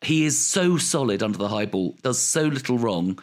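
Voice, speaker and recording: A man's voice: medium pitch, expressive, moderate pace. Chatty man talking rugby. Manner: enthusiastic, jokey, tries impressions. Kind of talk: casual sports chat.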